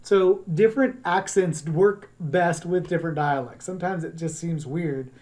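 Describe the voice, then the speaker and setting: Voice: medium pitch, a little mellow. A drama teacher from the States, giving a recorded online class in a chatty way that wanders into asides. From Southern United States. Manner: chatty, wandering into asides, drops into quick accent demos.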